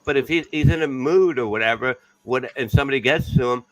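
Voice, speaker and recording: A man's voice: mid-range voice, fast talker, dry recording, poor audio. A man, a comedian guest, talking bluntly and profanely in a casual podcast chat.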